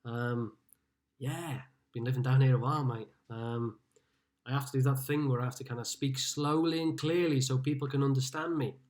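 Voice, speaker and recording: A man's voice: mid-range voice, fairly even intonation, normal speed, a little mellow. A man from Liverpool hosting a casual live-streamed pub quiz from home, chatting and greeting players by name as he reads out their scores. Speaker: quiz host.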